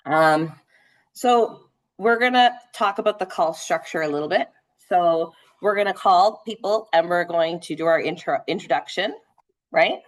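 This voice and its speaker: A woman real estate trainer leading a live sales training session, talking fast and animated, checking in with "right?" as she goes. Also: on the low side. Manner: conversational, frequent "right?" checks.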